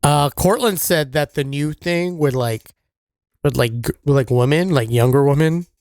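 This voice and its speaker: Young East Coast guy, podcast co-host, a bit high and smooth, joking and rambly. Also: moderate pace, darkish tone, no room sound, clean studio sound. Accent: East Coast American. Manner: loose and joking, heavy on fillers. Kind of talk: casual chat.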